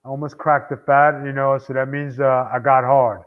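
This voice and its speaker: A man's voice: medium pitch, flat delivery, moderate pace. New man on a dull, lo-fi call. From New York. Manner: easygoing, guessing answers hesitantly. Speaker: guest, former wrestler. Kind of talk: casual interview.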